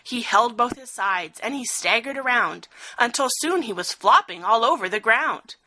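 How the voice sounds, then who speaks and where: A woman reading a rhyming picture-book story aloud, expressive, with a sing-song rhythm. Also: on the high side, normal speed, a little hiss or hum, low-quality recording.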